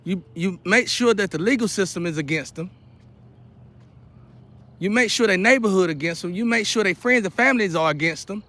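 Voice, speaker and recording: A man's voice: high-pitched, normal speed, bright, forceful tone. A man delivering an impassioned, repetitive monologue to the camera outdoors, building to an urgent outcry. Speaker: vlogger. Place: outdoors near a porch.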